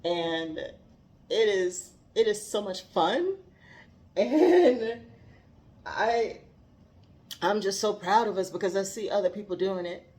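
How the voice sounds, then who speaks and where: A woman's voice: mid-range voice, expressive, slow pace, pauses often, darkish tone. A woman talking earnestly about faith and growth, heartfelt and given to laughing. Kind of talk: reflective faith talk.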